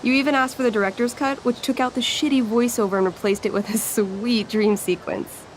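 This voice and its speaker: A woman's voice: a little high, steady tone, brisk, slight background noise, natural voice, rough recording. A woman voicing a friendly young female shop clerk in video game dialogue, talking in a casual, chatty way.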